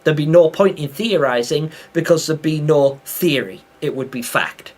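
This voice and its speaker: A man's voice: a little high, animated, moderate pace. Chatty British man streaming a game. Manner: chatty, reads chat aloud, laughs often. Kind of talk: casual live-stream chat while gaming.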